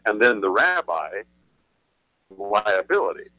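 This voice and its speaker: Over a tinny phone line with a dry sound, a male attorney on a radio talk show explains his opinions slowly in a fairly low, very animated voice. He lectures emphatically and repeats phrases for emphasis.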